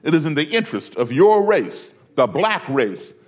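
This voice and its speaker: A man voicing an older male extremist leader who lectures in a stiffly polite, formal way, raising his voice higher than his own. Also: sing-song, moderate pace. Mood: lecturing.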